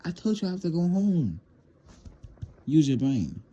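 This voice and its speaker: A man's voice: a little high, very animated, a little slow, mellow. A teenage boy telling a rambling storytime to his viewers, stammering and repeating words as he goes. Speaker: vlogger. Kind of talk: casual storytime monologue.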